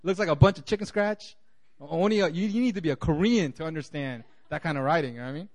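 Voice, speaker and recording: A man's voice: a little high, fast, darkish tone. A man preaching a sermon as pastor, in a conversational way full of "you know", acting out the voices he quotes.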